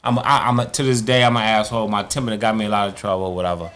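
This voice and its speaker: A man tells a long personal story as a podcast guest. His delivery is loose and animated, full of cursing. He keeps slipping into the voices of the people in his story. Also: lowish voice, rapid-fire. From Chicago, USA. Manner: animated, profane, acts out quotes in others' voices. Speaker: guest, former boxing champion. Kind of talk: casual storytelling.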